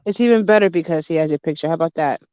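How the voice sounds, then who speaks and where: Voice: medium pitch, rapid-fire, dark tone, clean tone, no echo, lo-fi sound. A guest joining a casual live stream, teasing the host and laughing often. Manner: teasing, giggly, encouraging.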